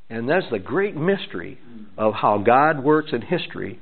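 Male preacher, lively expository sermon, upbeat pitch swings, tinny phone-line sound. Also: normal speed. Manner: animated, pointed asides to listeners.

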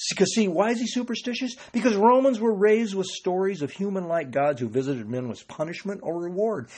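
A man's voice: sits high, darkish tone, breathy edge. A man preaching a sermon, earnest and often rising to emphatic bursts, sometimes repeating words.

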